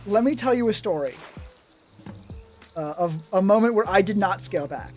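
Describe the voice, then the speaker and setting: A man with a voice that sits high talks at normal speed over soft background music while streaming. He gives tabletop game-running advice in a casual, animated, rambling way, swearing often and reading and answering chat.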